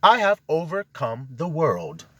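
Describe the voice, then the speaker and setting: Man preacher, highish lively voice, exhorting and fired up, recorded dry inside a car. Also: a little slow, breathy edge, dry recording. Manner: exhorting, fired-up, peppered with rhetorical questions to the audience. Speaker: self-styled preacher. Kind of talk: impassioned spiritual monologue.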